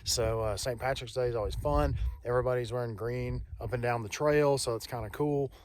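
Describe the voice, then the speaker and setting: A man's voice: mid-range voice, fairly quick, a little mellow. A middle-aged man, talking in a friendly, rambling, folksy way in a casual vlog while outdoors on a canyon hiking trail. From Texas. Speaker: vlogger.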